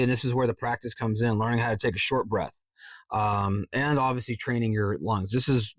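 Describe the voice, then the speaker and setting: A man's voice: on the low side, no room sound. A man in his forties, a voice actor in a casual vlog, explaining script reading in a rambling, profane, self-mocking way. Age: 40s.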